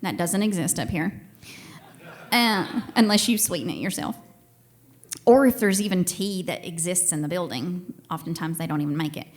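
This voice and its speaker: A woman's voice: lowish voice, normal speed. Southern woman telling a story on stage. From Tennessee and Georgia. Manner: chatty and self-deprecating, laughing often. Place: stage before a live audience.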